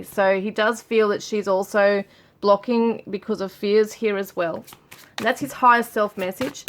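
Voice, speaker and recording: A woman giving a relaxed tarot reading, musing aloud with frequent fillers as she reads out card messages. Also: medium pitch, measured pace. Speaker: tarot reader. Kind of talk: casual tarot reading for viewers.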